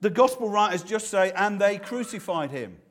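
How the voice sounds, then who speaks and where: A man's voice: high-pitched, lively intonation, normal speed. A man preaching a sermon, earnest and full of restarts and repeated words.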